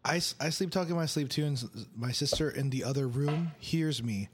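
Laughing, animated young man co-hosting. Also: fairly high pitch, brisk, a little hiss or hum. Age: young adult. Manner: animated storyteller, laughs often. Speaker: podcast co-host. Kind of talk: casual chat.

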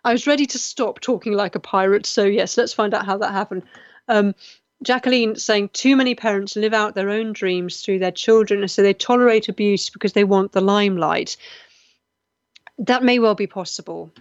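A middle-aged woman from the West Country of England hosts a live chat show, earnest and chatty as she answers viewers. Her voice sits at a middle pitch. The sound is dull and dry, with no room around it. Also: moderate pace, dry recording. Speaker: host. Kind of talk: live-stream chat show, reading comments.

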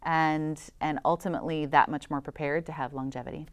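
A woman's voice: deep voice, steady tone, fairly quick. A woman who works as a voice specialist, giving enthusiastic explanations as a guest in an interview.

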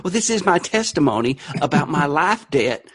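A man's voice: a little high, very animated, normal speed, background noise. A man doing a drawling Southern preacher tailor. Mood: preachy, drawling. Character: pompous Southern-preacher alien tailor, male adult. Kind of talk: podcast comic impression.

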